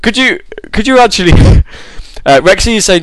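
Male host, rambling self-deprecating chatter, animated delivery. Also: high voice, normal speed, hardly any pauses, no room sound. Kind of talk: casual chat.

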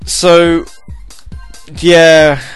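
A man's voice: on the high side, little pitch movement, very slow, clear, resonant tone, faint music behind. A man hosting a podcast alone, rambling and self-deprecating, with many fillers and restarts. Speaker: podcast host. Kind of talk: casual solo podcast chat.

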